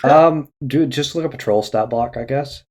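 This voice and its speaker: A playful man running a tabletop game, his voice sitting at an ordinary middle pitch. He is goofy and excitable and often trips over his own words as he improvises. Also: moderate pace. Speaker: game master.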